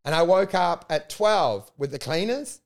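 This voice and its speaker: A man's voice: fairly high pitch, a little slow, creaky. A man telling a rambling story in casual chat, swearing a lot and acting out what people said. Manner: profane, animated storytelling with acted-out quotes. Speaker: comedian.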